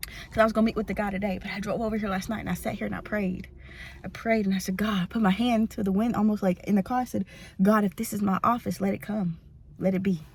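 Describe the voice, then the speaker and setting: A young woman vlogging in casual chat to camera, excitable, breaking into squeals and exclamations. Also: fairly high pitch, a little hiss or hum.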